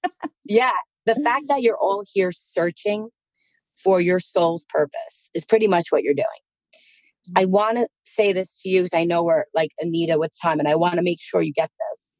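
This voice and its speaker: Mulher nova-iorquina de voz grave e seca. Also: female voice, on the low side, normal speed, mellow, no echo, muffled recording. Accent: New York. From Queens, New York. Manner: earnest, encouraging. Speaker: guest, spiritual teacher. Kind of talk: podcast interview.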